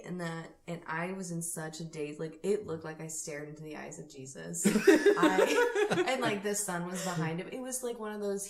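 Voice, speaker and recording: A woman's voice: fairly low pitch, recorded from a distance. A woman guest on a podcast telling a story in a giggly, chatty way. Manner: giggly, tells stories with bursts of laughter. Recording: echoey room with crowd noise.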